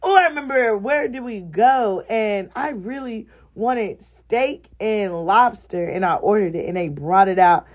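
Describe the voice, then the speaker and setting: A woman's voice: medium pitch, expressive, measured pace, few pauses, lo-fi sound. A woman vlogger chatting casually and expressively straight to her viewers. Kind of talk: casual vlog chat to viewers.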